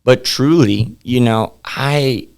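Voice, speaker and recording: A man's voice: medium pitch, slow, gravelly. A young man, a podcast guest, chatting casually in a laid-back, rambling way and laughing often. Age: young adult. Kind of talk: casual interview chat.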